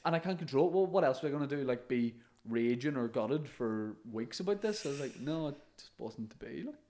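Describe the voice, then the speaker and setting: A man's voice: mid-range voice, lively intonation, brisk, darkish tone. A man, a comedian and podcast co-host, telling stories in casual chat, laughing often and swearing now and then.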